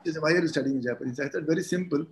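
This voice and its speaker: An old man of about eighty explains his views patiently and livens up when he tells a story. His voice sits a little high. He was recorded in an echoey room with a faint hiss behind him. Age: around 80. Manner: measured, explanatory, animated when telling stories. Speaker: guest, retired judge. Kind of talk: conversational interview, storytelling.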